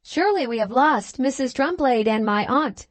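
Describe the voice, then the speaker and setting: A woman's voice: high voice, lively intonation, normal speed, dry recording, pitched above the performer's own voice. A woman reading the part of a grave, polite young woman in an audiobook, in a reserved, proper manner.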